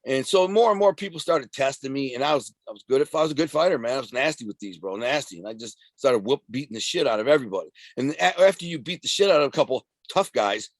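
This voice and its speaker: Fast-talking streetwise man, dry sound. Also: medium pitch, animated, dry recording. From Detroit, USA. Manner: streetwise, profane, rambling storyteller. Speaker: podcast guest. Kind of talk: casual storytelling interview.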